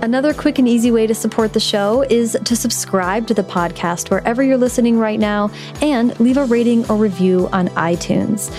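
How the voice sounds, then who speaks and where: A woman's voice: on the high side, normal speed, hardly any pauses, darkish tone, faint music behind. A woman hosting a podcast about writing, reading the show's announcements and then interviewing her guest in a friendly, chatty way. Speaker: podcast host. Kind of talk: podcast intro read and interview.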